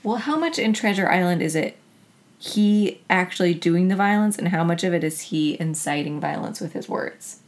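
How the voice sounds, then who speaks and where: Woman, podcast co-host, lowish voice, casual and inquisitive. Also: animated, normal speed. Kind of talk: casual book discussion.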